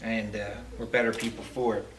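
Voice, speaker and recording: A middle-aged man giving a heartfelt farewell speech as a retiring police lieutenant, telling stories with halting restarts. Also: on the low side, level tone, a bit bright. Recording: distant mic, faint background noise.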